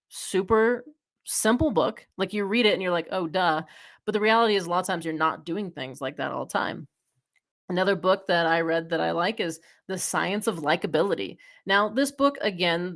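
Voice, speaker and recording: A woman in her thirties hosting a solo advice podcast, talking frankly and casually with lots of fillers. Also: lowish voice. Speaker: podcast host, chiropractor.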